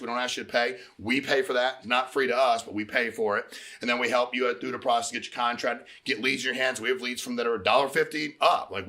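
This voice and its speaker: A middle-aged man hosting a recruiting meeting, giving a casual motivational pitch and telling stories with quoted dialogue. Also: pushed and bright. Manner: conversational, storytelling with quoted dialogue, repeats phrases.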